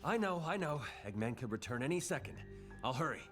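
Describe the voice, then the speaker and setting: An actor playing Espio, a calm adult male chameleon ninja in a cartoon, clipped. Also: mid-range voice, a little fast, soft background music. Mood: focused.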